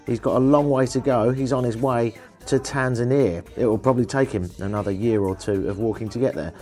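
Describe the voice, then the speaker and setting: A man's voice: medium pitch, darkish tone, soft background music. A man hosting a travel podcast while walking through an outdoor street market, chatting with wry, rambling asides. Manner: rambling, wry asides and quick self-corrections.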